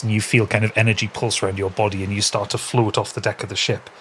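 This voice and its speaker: A man's voice: lowish voice, flat delivery, quick pace, fairly bright tone, a little hiss or hum. A man running a tabletop game as game master, trading teasing, sweary banter with his players. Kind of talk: casual tabletop game narration.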